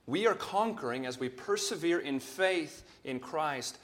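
A man preaching a sermon as pastor, earnest and measured, his voice rising when he quotes scripture. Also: fairly high pitch, expressive, a bit bright.

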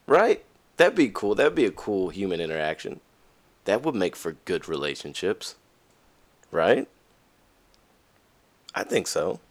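Young male podcast host, low voice, very expressive pitch, candid casual monologue, acts out quoted voices. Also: unhurried, pauses often.

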